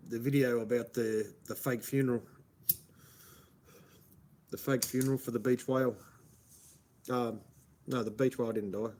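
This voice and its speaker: A man's voice: medium pitch, a little mellow. A man from Melbourne with an Australian accent, chatting casually on a livestream, rambling and answering his chat. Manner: rambling, answers chat, says "mate" a lot. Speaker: live streamer.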